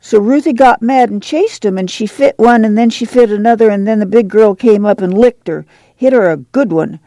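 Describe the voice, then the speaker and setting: An excited little farm boy tumbles through his story in a breathless, higher rural drawl, as a woman reader voices him. The tone is mellow and slightly gravelly, heard dry and close. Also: a little slow, dry recording.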